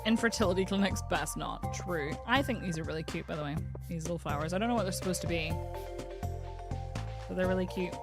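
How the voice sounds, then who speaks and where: A woman streamer from the UK chatting casually while she plays, thinking aloud and cooing brightly at the game's animals. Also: lowish voice, fairly quick. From United Kingdom. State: has the hiccups. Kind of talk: casual live-stream gameplay chat. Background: game music.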